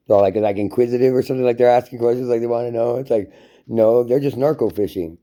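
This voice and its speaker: Very dark-voiced man ranting. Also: mid-range voice, quick pace. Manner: profane, heated, storytelling. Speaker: vlogger. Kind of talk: casual monologue rant.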